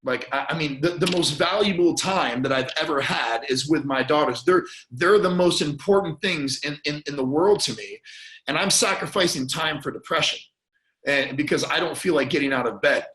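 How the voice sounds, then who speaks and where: His voice sits on the high side, fairly bright, at a moderate pace. This earnest podcast guest stumbles through restarts and repeated words while telling a painful story about himself, occasionally choking up as emotion catches in his throat. The recording carries a roomy echo.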